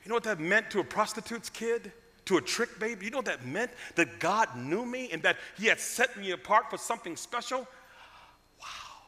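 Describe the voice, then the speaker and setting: A man from Cleveland preaching a storytelling sermon, with humor and dramatic swings from loud to hushed. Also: high voice, lively intonation, normal speed. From Cleveland, USA. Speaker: guest preacher. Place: church sanctuary. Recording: long reverb of a church sanctuary.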